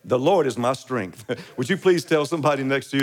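A man's voice: mid-range voice, lively intonation, a little fast. A man preaching a sermon, reading scripture aloud and lifting his voice on key lines, with short chuckles between phrases and calls to the congregation to repeat after him. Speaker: pastor.

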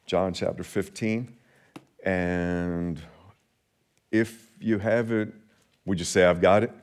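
A man preaching a Sunday sermon in church, rising and slowing for emphasis on scripture. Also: sits low, fairly even intonation. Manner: rises and slows for emphasis when quoting scripture. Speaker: pastor. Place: church sanctuary.

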